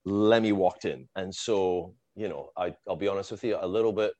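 A middle-aged man who moved to the United States from abroad, telling a long, animated fan story in casual chat, full of fillers and little laughs. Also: deep voice, normal speed, dry recording, dull audio.

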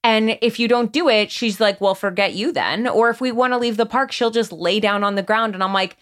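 A woman in her forties, a guest on a podcast, talking candidly and in a lively way about raising her kids. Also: fairly high pitch, fairly quick. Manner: candid, animated storytelling with frequent "like". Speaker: podcast guest, parenting platform founder. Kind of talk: casual conversational interview.

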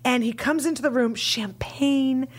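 A stand-up comedian in her thirties tells a story on a podcast. Her voice sits high, and she jumps into animated impressions of the people in her story. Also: a little slow. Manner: animated, acts out quotes in raised voices.

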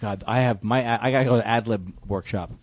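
A man's voice: on the low side, fairly quick, no room sound. A man, a comedian guest, riffing wryly in casual podcast banter and slipping into silly impressions.

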